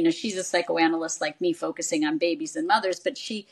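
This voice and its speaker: A woman's voice: fairly low pitch, a little fast. An older woman, a psychoanalyst, explaining things in conversation and acting out quoted parents. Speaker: psychoanalyst guest. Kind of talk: expert conversation.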